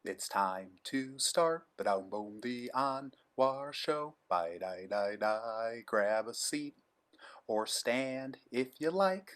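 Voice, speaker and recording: A man's voice: medium pitch, animated, takes it slowly, a bit bright, voice pushed up. A man doing a laid-back puppet show emcee. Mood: inviting. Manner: rhythmic sing-song announcing.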